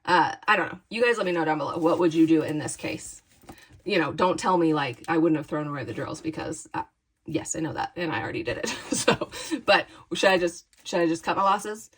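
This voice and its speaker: Woman vlogger thinking out loud, slightly low voice, hesitant and self-deprecating. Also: a little fast, husky, poor audio. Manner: rambling, indecisive, self-deprecating, says "you guys" often. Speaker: crafting vlogger. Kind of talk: casual chat to camera.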